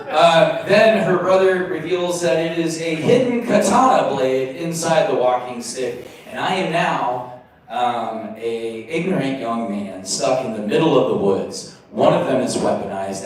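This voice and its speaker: Young man doing stand-up in an echoey room. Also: unhurried. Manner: self-mocking storytelling, acts out voices in sudden high bursts. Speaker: stand-up comedian. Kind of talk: open mic stand-up. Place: small comedy venue. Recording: echoey room mic from a distance.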